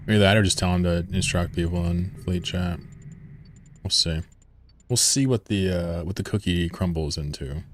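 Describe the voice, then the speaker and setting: Low-voiced guy streaming a game, rambling and cussing, talking to chat. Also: moderate pace, slight background noise. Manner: rambling, joking, swears freely. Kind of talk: casual live-stream chat.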